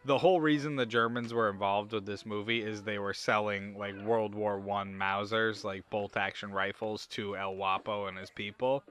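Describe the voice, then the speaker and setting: A man's voice: lowish voice, steady tone, normal speed, hardly any pauses, a bit bright, clear, resonant tone. A man co-hosting a casual movie review podcast, retelling scenes with laughter. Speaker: podcast co-host.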